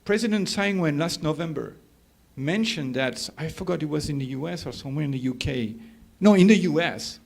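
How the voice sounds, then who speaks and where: A man speaking off the cuff at a scholarly workshop. His voice sits a little high with a gravelly edge, and he pauses often with fillers before pressing his points hard. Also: animated, a little mellow. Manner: hesitant, many fillers, growing emotional and emphatic. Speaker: sociologist at a workshop. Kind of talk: academic discussion.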